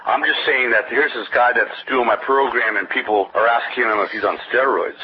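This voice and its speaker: A man pitches his brain-training program in an interview, rambling from one anecdote to the next in a salesy way. The audio is dull and lo-fi, with a faint hiss under his voice.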